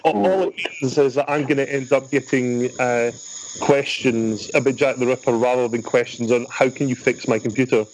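A man's voice: medium pitch, fairly even intonation, a little fast, noisy background. A man from Scotland with a Scottish accent, chatting as a guest and telling self-deprecating anecdotes. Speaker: guest voice actor. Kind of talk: casual chat.

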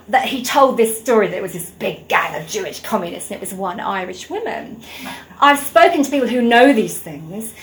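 A woman giving a lively public talk on local history, telling stories in an enthusiastic, wry and conversational way. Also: medium pitch, a little hiss or hum, low-quality recording. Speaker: history speaker.

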